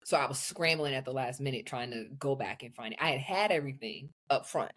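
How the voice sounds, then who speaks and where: A young woman co-hosting a podcast, chatting casually in a blunt, profane, animated way. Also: a bass voice, a little fast. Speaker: podcast co-host. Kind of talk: casual chat.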